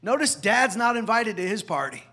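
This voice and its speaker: Husky, animated male preacher. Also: sits high, moderate pace. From parents from the American South. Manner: animated, swings between loud emphasis and quiet asides. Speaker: pastor. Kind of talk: sermon.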